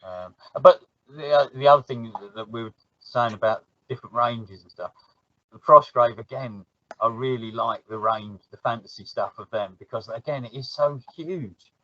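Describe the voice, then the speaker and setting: A chatty man with a South London accent, talking at an everyday pitch. He laughs easily and slips into little acted-out exchanges as he talks. The audio is dull and lo-fi, with a very dry sound. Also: normal speed, pushed and bright, dry recording. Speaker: guest. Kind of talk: casual podcast chat.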